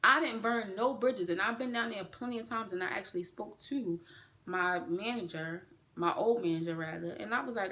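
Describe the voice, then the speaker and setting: Woman doing a storytime vlog, bright punchy voice, animated and cussing a lot. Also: moderate pace. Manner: animated, profane, swings up in pitch when indignant. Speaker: vlogger. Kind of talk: storytime vlog, casual venting.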